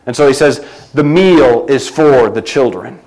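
Guy preaching a sermon, voice jumps all over, gets loud then drops way down quiet. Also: unhurried, low-quality recording. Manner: animated, swinging from loud emphatic lines to quiet low ones; reads scripture aloud with rising emphasis.

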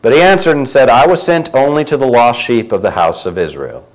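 A man preaching a sermon, reading scripture aloud and swinging between loud emphatic lines and quiet low ones. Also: animated, a little fast, low-quality recording.

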